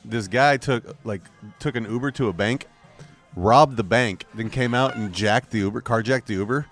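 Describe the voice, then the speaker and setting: A man's voice: medium pitch, moderate pace, fairly bright tone, faint music behind. A man with an American accent co-hosting a podcast in a bar, joking with his guest. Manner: joking, wraps up with thanks. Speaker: podcast co-host. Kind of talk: casual chat.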